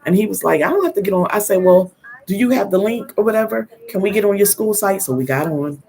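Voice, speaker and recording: An older woman, a grandmother, hosting a casual live stream and telling stories in a firm, no-nonsense way, acting out quoted dialogue and now and then clearing her throat. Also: medium pitch, animated, fast, a little mellow. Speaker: host of a live parenting talk.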